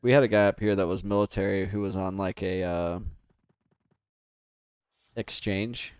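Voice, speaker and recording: A man's voice: deep voice, fairly even intonation, moderate pace, darkish tone, clear, resonant tone, no echo, clean studio sound, soft background music. An American man livestreaming a game, chatting casually and rambling with his viewers, laughing often. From United States. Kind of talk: casual gaming stream chat.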